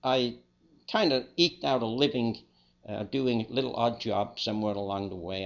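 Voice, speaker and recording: An older man with a Liverpool accent, telling his own life story as a testimony in a plain, unhurried, reflective way. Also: medium pitch, vocal fry, highs cut off. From England. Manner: plain, unhurried, with small restarts. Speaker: speaker giving a personal testimony.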